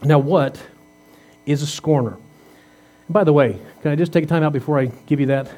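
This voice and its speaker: With a fairly high, mellow voice and a moderate pace, a man in his fifties preaches conversationally as a pastor. He poses rhetorical questions and teases his congregation with jokes.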